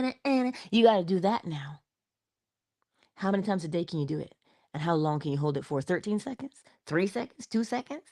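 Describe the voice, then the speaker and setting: A woman's voice: lowish voice, warm tone. A woman giving a morning inspirational talk, coaching her listener in a conversational, playful way. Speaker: motivational speaker.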